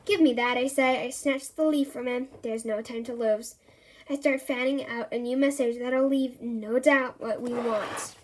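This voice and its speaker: High-voiced woman reading a children's story. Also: moderate pace. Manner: voices characters with lively pitch jumps. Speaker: reader. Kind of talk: reading a children's book aloud.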